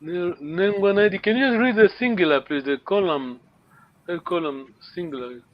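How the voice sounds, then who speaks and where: A patient man teaches a language class online, frequently asking a quick question to check that students understand. His voice is high, and the sound is lo-fi.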